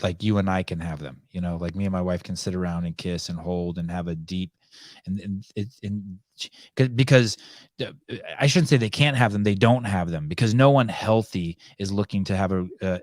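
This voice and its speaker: A man with a lowish voice hosts a podcast, rambling and stopping to restart his sentences. The sound is dry and close, with no room around it. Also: darkish tone, no room sound. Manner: rambling, halting, many restarts. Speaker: podcast host. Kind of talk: live call-in podcast chat.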